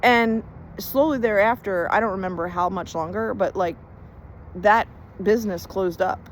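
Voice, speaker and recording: In a low-quality recording with a bit of hiss or hum, a faith-based life coach shares her personal healing story at a moderate pace in a mid-range voice. She's casual and chatty, earnestly emphatic about her faith, and acts out conversations with "and I'm like."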